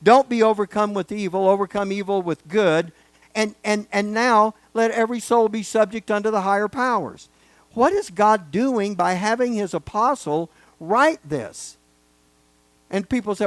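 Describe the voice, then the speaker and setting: A man's voice: sits high, animated, normal speed, no room sound. A man teaching a Bible study lecture, talking casually and then stressing key words with rising force. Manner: emphatic, building to loud stresses on key words.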